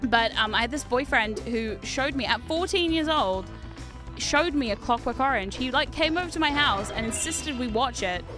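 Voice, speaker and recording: Young woman streamer; rambling, giggly casual chat, high pitch, music under the voice. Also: moderate pace. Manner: rambling, giggly, animated outbursts. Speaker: VTuber streamer. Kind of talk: casual chat while streaming retro games.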